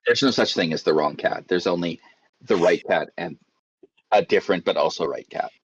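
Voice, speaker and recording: A man's voice: low voice, normal speed, breathy edge. A man joking wryly as a player in a casual tabletop game. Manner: wry, joking. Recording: dull lo-fi audio.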